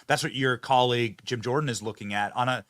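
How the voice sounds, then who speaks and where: Excitable man hosting a live talk show. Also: mid-range voice, fast, no echo, clean studio sound. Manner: excitable, emphatic, joking. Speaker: host.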